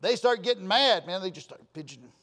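A man with a high voice preaches a sermon from the pulpit. He repeats his phrases for emphasis and swings from quiet asides to sudden loud bursts, in a folksy manner. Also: expressive, fast. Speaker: pastor.

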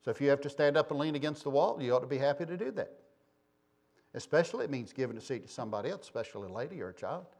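A man's voice: mid-range voice, expressive, very fast, a little mellow. A man preaching a sermon in a church, folksy and conversational, teasing members of his congregation. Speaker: pastor. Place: church sanctuary.

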